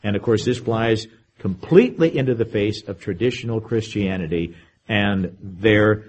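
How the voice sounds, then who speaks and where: A man preaching a verse-by-verse Bible teaching. He reads scripture aloud with emphasis, then comments in a lower, conversational tone. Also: moderate pace, a little mellow.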